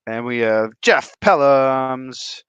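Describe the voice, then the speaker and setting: A man from Michigan hosting a livestream, giving goofy, playful shout-outs to his viewers. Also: mid-range voice, clear, resonant tone, no room sound, lo-fi sound. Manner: playful and goofy, drawn-out silly repetitions. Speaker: livestream host.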